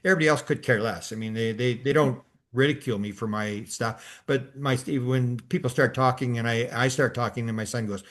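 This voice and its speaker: Older male podcast host, mid-range pitch, loose storyteller who rambles and restarts often. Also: brisk, fairly bright tone. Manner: rambling, many restarts and fillers. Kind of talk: casual storytelling chat.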